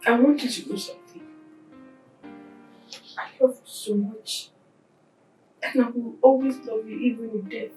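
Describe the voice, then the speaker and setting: An actress playing a gravely ill young woman with a Nigerian accent, speaking slowly and tearfully in a film drama. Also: on the high side, steady tone, warm tone, faint music behind, lightly acted, poor audio. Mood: anguished. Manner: slow, pleading, tearful.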